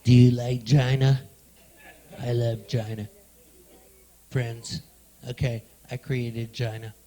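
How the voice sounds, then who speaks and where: A man doing a quick, boastful politician impression during a stand-up set. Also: medium pitch, flat delivery, dark tone, voice pushed down, natural voice. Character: boastful male politician impression, low drawl.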